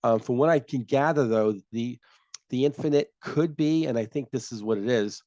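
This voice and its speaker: Guy co-hosting a song reaction, thinking out loud, dry dull-sounding mic. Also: mid-range voice, moderate pace, dry recording. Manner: musing, talks through ideas with fillers. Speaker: co-host of a music reaction show. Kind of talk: casual chat, reading song lyrics aloud.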